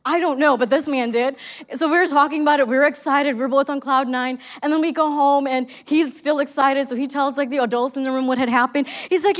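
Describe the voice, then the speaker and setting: A high-pitched middle-aged woman delivers a sermon in an earnest storytelling manner. She reads scripture and recounts a personal story. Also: fairly quick. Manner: earnest storytelling, exclaims in quoted excitement. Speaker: preacher.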